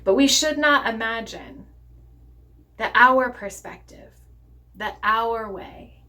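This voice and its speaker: A woman pastor delivering a sermon in a measured, deliberate preaching cadence. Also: fairly high pitch, sharp tone.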